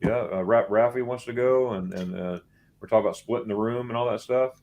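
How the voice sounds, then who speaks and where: A man's voice: medium pitch, fairly quick, darkish tone. A man hosting a casual late-night live chat, rambling and repeating words as he talks, tired after staying up all night. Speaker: host.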